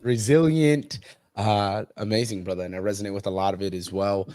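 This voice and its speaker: A man's voice: low-pitched, level tone, fast, a little mellow, no room sound, clean studio sound. A man hosting a casual interview, enthusiastic and friendly with his guest, whom he calls brother. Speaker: podcast host.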